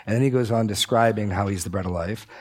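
A man teaching through a Bible passage in a casual discussion, with animated, sarcastic asides. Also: on the low side, fast talker, slightly rough.

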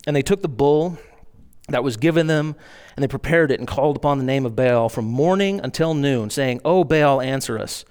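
A man's voice: medium pitch, fairly quick, a little mellow. Man preaching and reading scripture aloud. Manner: reads scripture aloud, then explains in asides; acts out the mocking lines with rising emphasis.

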